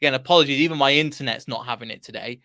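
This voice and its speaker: A man's voice: mid-range voice, rapid-fire, bright, forceful tone, no room sound. Exasperated man venting on stream. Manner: frustrated, rambling, exasperated. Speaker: fan channel host. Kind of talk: post-match fan reaction livestream.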